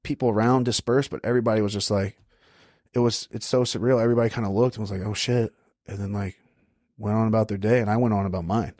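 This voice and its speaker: A man's voice: lowish voice, steady tone, quick pace, darkish tone, dry recording, clean studio sound. A young adult man, a podcast guest, telling stories in a laid-back way, often tagging sentences with "right?" and "like". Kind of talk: casual storytelling.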